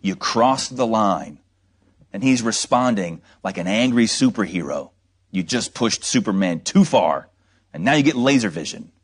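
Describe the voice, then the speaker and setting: A man's voice: lowish voice, animated, moderate pace, slightly rough. A man preaching an expository sermon, explaining scripture verse by verse with rhetorical questions and mocking asides.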